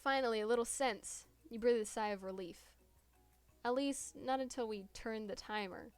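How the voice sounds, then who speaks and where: A woman's voice: fairly high pitch, normal speed, clean tone, no echo, faint music behind. A woman streamer reading a dating-sim game's text aloud and breaking off into giggling asides.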